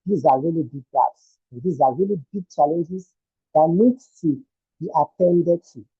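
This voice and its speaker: A man's voice: a little high, unhurried, slightly rough, dry recording. Emphatic man on a muffled call. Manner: emphatic, repeats points with rhetorical questions. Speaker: senior lecturer and researcher. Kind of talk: online panel discussion. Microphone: video call.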